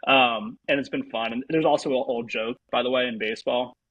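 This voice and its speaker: A young man, a pro baseball pitcher, telling a personal story as an interview guest, rambling with lots of fillers. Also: steady tone, brisk, a bit bright, dull audio.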